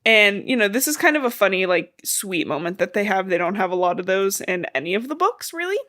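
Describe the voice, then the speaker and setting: Sing-song and fairly quick, this young podcast co-host has a medium-pitched, fairly bright voice and a slight lisp. She rambles through a casual book recap, swearing offhandedly and performing the quoted lines.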